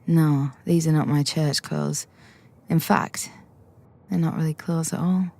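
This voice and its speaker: Woman voicing a quiet, flat ghost woman. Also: low-pitched, measured pace, gravelly, exaggerated voice. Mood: cool. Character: staring ghostly woman, calm and unreadable.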